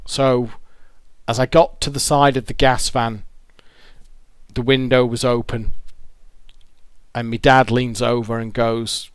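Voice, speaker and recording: A man's voice: mid-range voice, level tone, takes it slowly, long pauses, clear, resonant tone, dry recording, clean studio sound. A man tells a raw, confessional story to camera outdoors by a road. He swears often and stumbles over repeated words. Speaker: vlogger telling his own story.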